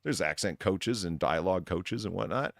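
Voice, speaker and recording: A man hosting a casual chat about accents, animated and a little crude, often trailing off mid-sentence. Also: low-pitched, moderate pace, gravelly, no echo, studio quality. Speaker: podcast host.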